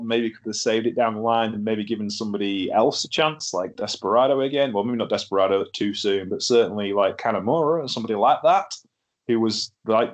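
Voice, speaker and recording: A man hosting a casual wrestling review chat, laughing often and sounding wry. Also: on the low side. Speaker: podcast host.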